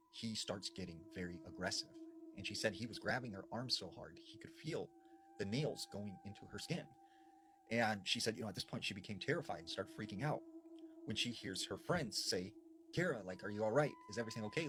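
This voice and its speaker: A low-voiced man tells spooky stories with a lively, swinging delivery. He builds tension and then drops his voice to a near hush. A faint background hum sits under his voice. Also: brisk. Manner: dramatic, with sudden drops to a hush. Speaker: storyteller. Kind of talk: retelling scary stories.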